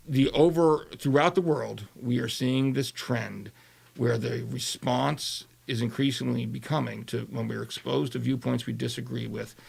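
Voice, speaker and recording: A man's voice: mid-range voice, creaky, breathy edge. A man hosting a casual panel talk, thinking aloud with frequent restarts. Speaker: talk show host.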